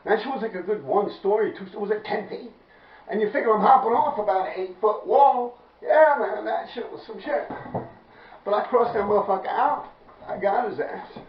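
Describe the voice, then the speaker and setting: This New York man's voice sits high and moves at a normal pace as he tells his viewers a graffiti tale in crude, casual street slang, laughing throughout. The audio sounds distant and echoey, muffled, with a little background noise.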